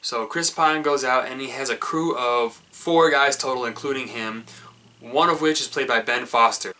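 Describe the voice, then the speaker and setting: A man's voice: medium pitch, moderate pace, bright, forceful tone. A man giving a casual, chatty movie review, rambling with fillers.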